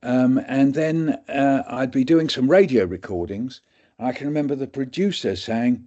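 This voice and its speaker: A man's voice: medium pitch, normal speed, dark tone, highs cut off. An older English man telling rambling, self-mocking anecdotes as a guest speaker on a webinar, slipping into quoted voices. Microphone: video call.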